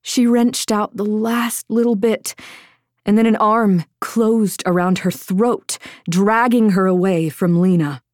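A woman reading a fantasy novel aloud in a measured, dramatic narration style. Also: mid-range voice, fairly even intonation, a little mellow, dry recording, studio quality. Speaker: audiobook narrator.

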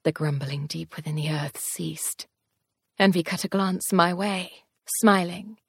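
A woman's voice: fairly low pitch, unhurried, husky, no echo, studio quality. A woman narrating a first-person fantasy story in an audiobook, telling it expressively. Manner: expressive, tense storytelling pace shifts.

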